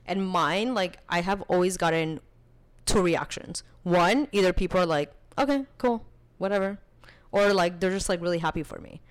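A woman in her twenties, a guest on a podcast, talks in a relaxed and chatty way with lots of "like" along the way. Her voice sits a little on the low side for a woman. She retells her story with lively, animated energy. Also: moderate pace. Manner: chatty, peppers speech with "like". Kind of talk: casual storytelling chat.

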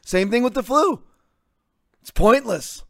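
High-voiced sarcastic man ranting. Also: lively intonation, measured pace, gravelly, a bit bright, no echo, clean studio sound. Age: 50s. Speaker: talk show host. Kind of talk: opinionated commentary.

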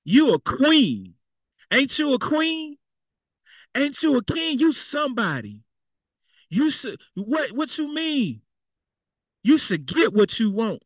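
A man voicing a sneaky, conniving queen who flatters and coaxes her listener in a preached retelling. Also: very high voice, dry recording, voice pushed up, full character voice. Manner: coaxing, flattering.

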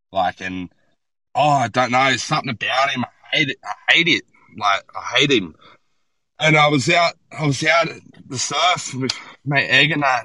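A man's voice: medium pitch, no room sound, low-quality recording. A young Australian man, a podcast guest, telling stories bluntly with plenty of swearing. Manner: blunt, profane, animated storytelling. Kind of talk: casual podcast chat.

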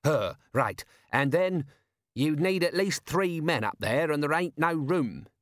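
A man voicing a nervous, hurried male city guard in an audiobook. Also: fairly high pitch, animated, a bit bright, dry recording, clean studio sound, voice pushed up. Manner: hurried, anxious.

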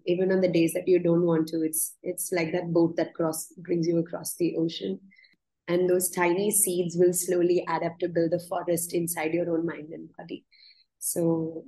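A woman's voice: lowish voice, warm tone, echoey room, low-quality recording. A woman yoga teacher telling personal stories in an interview, earnest and often restarting her words with a laugh. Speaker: yoga teacher, podcast guest. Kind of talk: reflective interview storytelling.

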